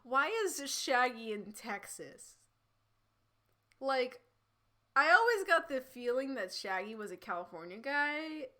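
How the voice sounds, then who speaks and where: A woman's voice: sits high, expressive, takes it slowly, sharp tone. A young woman streaming, reading fanfiction aloud and breaking off into chatty, laughing asides. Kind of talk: casual live-stream reading and commentary.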